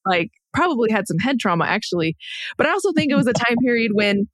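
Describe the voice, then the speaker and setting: A woman's voice: fairly high pitch, very animated, fast talker, no echo. A woman, a guest author, speaking in a thoughtful, reflective way in a casual interview, laughing lightly.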